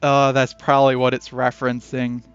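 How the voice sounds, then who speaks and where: In a casual playthrough, a man reads a text game aloud, chatting and breaking off to add his own comments as both player and narrator. His voice is mid-range, monotone and clear, with a resonant tone and a moderate pace. The lo-fi recording sounds dull, with faint music underneath.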